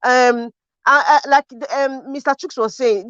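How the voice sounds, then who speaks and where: A woman's voice: high voice, moderate pace, dry recording, lo-fi sound. Emphatic woman debating. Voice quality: emphatic, animated, repeats points for stress. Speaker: panelist. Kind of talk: casual online panel debate.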